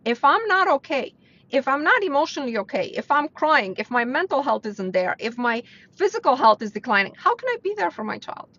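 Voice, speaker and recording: A woman hosts a casual motivational livestream, talking bluntly and earnestly. Her voice sits somewhat high and jumps up when she drives a point home. The audio is dull and lo-fi. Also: big pitch swings, brisk, bright, forceful tone. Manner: blunt, earnest, rises in pitch to stress points. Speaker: host of a weekly live mindset stream. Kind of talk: casual motivational talk to live viewers.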